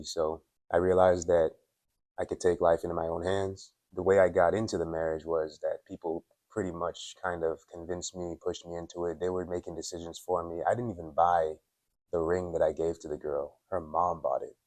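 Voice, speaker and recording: Very deep, flat-voiced man giving blunt life advice. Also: brisk, dry recording. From Dominica. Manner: candid, opinionated, filler-heavy with frequent "like"; clears his throat often. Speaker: self-improvement vlogger. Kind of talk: casual motivational monologue. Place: at his workplace.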